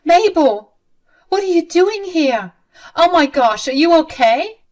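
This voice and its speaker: A woman's voice: a little high, measured pace, fairly bright tone. A woman voicing a caring young bride who speaks in an urgent, emphatic way. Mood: concerned, indignant.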